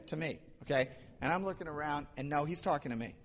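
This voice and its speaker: A man's voice: medium pitch, fast, slight background noise. A man preaching a sermon in a conversational, storytelling way, with frequent restarts. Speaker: pastor. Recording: long hall reverb.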